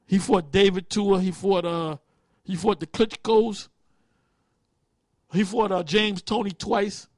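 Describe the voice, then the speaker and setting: A man's voice: high-pitched, fairly even intonation, slow, long pauses, no room sound. A man leading a group study in a casual preaching style, talking bluntly with street slang and profanity, often stopping to hunt for a word. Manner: loses words and restarts while thinking aloud.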